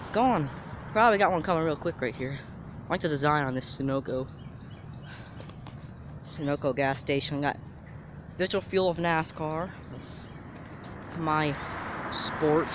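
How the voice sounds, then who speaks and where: A plane spotter giving rambling, excitable running commentary to a handheld camera while filming jets outdoors near an airport. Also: mid-range voice. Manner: excitable, rambling, chatty asides. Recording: outdoor street noise.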